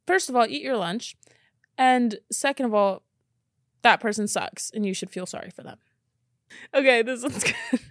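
A woman hosting a podcast in casual reaction chat, blunt and expressive, swearing casually. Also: on the high side, normal speed, pauses often, no echo, clean studio sound. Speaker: podcast host.

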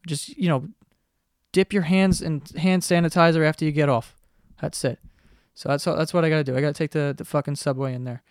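A man's voice: fairly high pitch, steady tone, fairly quick, dry recording, studio quality. A man in his twenties hosting a solo podcast from his basement room, rambling and swearing casually with self-deprecating jokes. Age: 20s. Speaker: podcast host. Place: basement bedroom at home. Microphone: podcast microphone.

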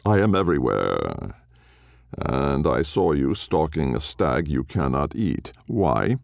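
A man reading as a calm, ominous white dog spirit that speaks softly and with measured menace. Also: a bass voice, creaky, dry recording, clean studio sound, heavily acted. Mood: soothing eerie.

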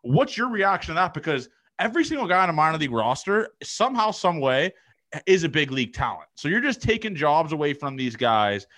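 A man's voice: fairly high pitch, very animated, fairly quick, a bit bright. A man hosting a casual podcast chat, laid-back and slangy, often saying "dude". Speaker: podcast host.

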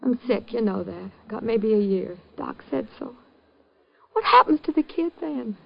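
A woman's voice: fairly high pitch, expressive, a little slow, gravelly, exaggerated voice. A woman playing a sick, desperate young chorus girl, pleading and tearful, in a 1950s radio drama. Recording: dull old radio recording.

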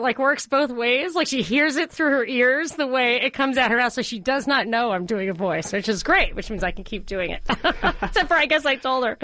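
Woman radio host, kinda high voice, chatty, laughs a lot, dry close studio mic. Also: fairly bright tone, no room sound. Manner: chatty, laughs often, quick asides. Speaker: radio talk show host. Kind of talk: casual talk radio. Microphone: studio microphone.

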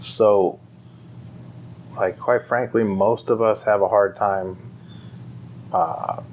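Deep-voiced man chatting casually. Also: steady tone, slow pace, narrow, tinny audio, slight background noise. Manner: rambling, many fillers and restarts, laughs easily. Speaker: fire department pipe band organizer. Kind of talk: casual conversation.

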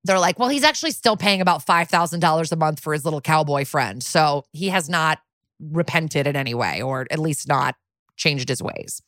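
A woman's voice: sits low, moderate pace, dry recording, studio quality. A woman co-hosting a podcast, chatting her way through a TV episode recap and acting out the characters' lines as she goes. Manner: chatty, animated, acts out characters' lines while retelling. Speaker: podcast co-host.

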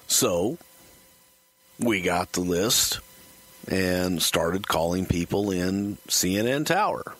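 Male storyteller, lively pitch, dry close mic. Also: slow, dry recording. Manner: lively, slips into gravelly impressions. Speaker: podcast co-host telling a story. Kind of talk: casual storytelling.

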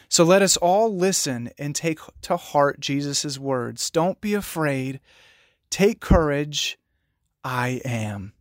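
Male pastor from New Jersey, higher voice, dramatic sermon delivery, dry close mic. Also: fairly bright tone, dry recording. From New Jersey, USA. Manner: dramatic storytelling delivery, slowing and dropping low on key words.

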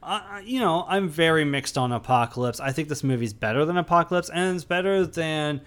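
A man's voice: on the high side, lively intonation, a little fast, a bit bright, clear, resonant tone. A man co-hosting a podcast, chatting casually through a movie review with many fillers and restarts. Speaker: podcast co-host.

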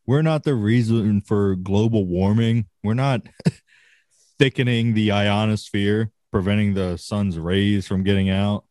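A man's voice: fairly low pitch, fairly even intonation, a little slow, a little mellow, dry recording, clean studio sound. A man chatting casually on a podcast, swearing freely and laughing often. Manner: profane, laid-back, laughs often. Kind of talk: casual chat.

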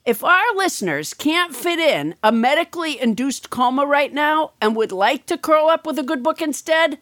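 A woman's voice: high-pitched, lively intonation, a bit bright, no echo, clean studio sound. A woman co-hosting a podcast and chatting casually, with a playful, teasing manner. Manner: playful, teasing, quick to joke. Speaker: podcast co-host and author. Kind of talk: casual comedic chat.

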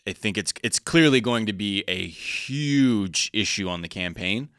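A man in his thirties co-hosting a casual news podcast, animated and quick to joke and laugh. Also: lowish voice, dry recording, clean studio sound. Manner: animated, laughs often, jokey asides. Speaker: podcast co-host.

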